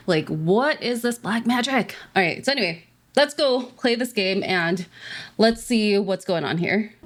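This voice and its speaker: A young woman in her twenties giving casual, excitable commentary while playing a VR game, bursting into squeals and laughter when startled. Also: medium pitch. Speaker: VR gaming YouTuber.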